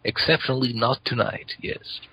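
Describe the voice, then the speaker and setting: A man calling in to a talk radio show, trading deadpan, crude jokes with the hosts. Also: medium pitch, normal speed, vocal fry, slight background noise, rough recording. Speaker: caller. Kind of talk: call-in radio banter.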